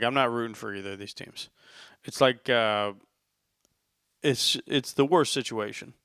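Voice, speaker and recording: A man's voice: mid-range voice, a bit bright, smooth, no echo, clean studio sound. A man hosting a casual solo podcast, venting about sports with heavy cursing and a worked-up, ranting manner. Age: adult, says he is older now. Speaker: podcast host.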